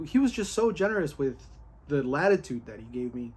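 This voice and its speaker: A man in a casual, excited recap of his day, candid, full of fillers and with the odd curse. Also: on the high side, brisk, slightly rough. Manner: candid and excited, with many fillers and a bit of cursing.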